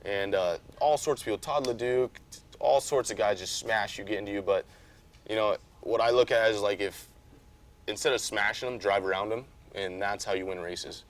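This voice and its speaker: A man talking casually as a guest about racing, easygoing and rambling, getting animated when he retells a story. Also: lowish voice, moderate pace. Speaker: off-road truck racer, guest. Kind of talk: casual chat.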